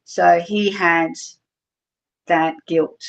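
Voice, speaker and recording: A woman's voice: fairly low pitch, fairly even intonation, extremely slow, gravelly. A middle-aged Australian woman, a podcast guest, chattily retelling her experiences with lots of fillers and quoted dialogue. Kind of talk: casual storytelling. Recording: dull lo-fi podcast recording.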